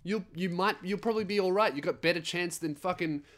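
A man's voice: high-pitched, brisk, fairly bright tone. Blunt, swearing man ranting. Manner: swearing, blunt and heated, acts out other voices. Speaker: podcast host. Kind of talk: ranting storytelling monologue.

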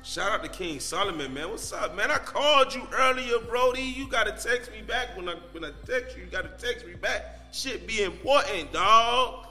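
A man's voice: very high-pitched, normal speed, few pauses, sharp tone, in a large hall, soft background music. A man telling a story as a podcast guest in loose, profane street talk. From Miami, Florida. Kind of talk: casual storytelling.

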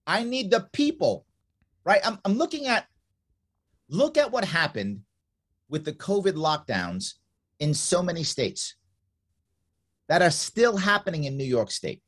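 A man's voice: sits high, breathy edge. A man talking as a guest in a casual conversation, emphatic and insistent, hammering his points home through repetition.

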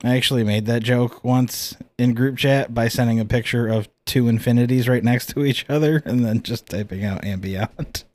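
A man's voice: medium pitch, moderate pace, hardly any pauses, darkish tone, dry recording. A man co-hosting a podcast in casual chat, dropping dry, brief wisecracks. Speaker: podcast co-host.

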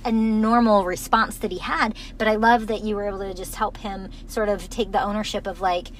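A woman co-hosting a casual conversation, calmly explaining her ideas and laughing often. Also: mid-range voice, a little fast, slight background noise, poor audio.

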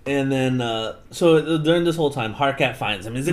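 A man's voice: medium pitch, normal speed. A young man co-hosting a podcast who retells a book in a rambling, jokey way and often corrects himself. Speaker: podcast co-host. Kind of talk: casual book recap chat.

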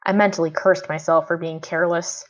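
A woman reading a children's storybook aloud, narrating in first person with expressive delivery. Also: fairly low pitch, brisk. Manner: expressive, voicing a frustrated boy in first person. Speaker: audiobook reader. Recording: dull lo-fi audio.

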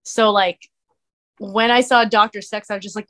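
A woman, a musician and streamer, chatting as a podcast guest and telling stories in an animated way, full of "like". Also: medium pitch, moderate pace. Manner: animated storyteller, many "like" fillers. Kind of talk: casual interview chat.

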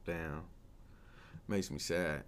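A man's voice: low-pitched, fairly even intonation, drawn-out words, clear, resonant tone. A young man co-hosting a podcast, chatting casually with lots of slang and swearing. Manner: profane, laid-back slang, frequent "you know what I'm saying". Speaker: podcast co-host. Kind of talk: casual chat.

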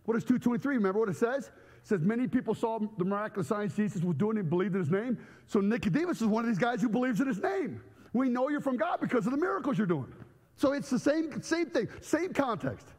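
A man preaching a sermon to a church congregation, telling comic stories with loud outbursts. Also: high-pitched, fast talker, long reverb tail. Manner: animated storytelling with comic outbursts. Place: church sanctuary.

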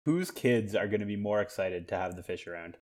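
A man's voice: fairly low pitch, expressive, fairly quick, darkish tone. A man in a casual podcast chat, dropping short joking asides and questions.

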